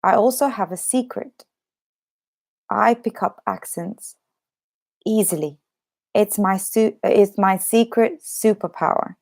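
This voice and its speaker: A woman's voice: mid-range voice, takes it slowly, vocal fry, pauses often, a little mellow. A woman with an American accent teaching an online English lesson, talking straight to the viewer in a chatty way. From Britain.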